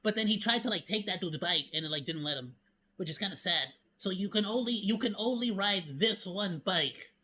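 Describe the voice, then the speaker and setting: Excitable streamer with a bright, lively voice. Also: mid-range voice, a little fast. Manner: excitable, rambling, sarcastic. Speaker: VTuber streamer reacting to a video. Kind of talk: casual live reaction commentary.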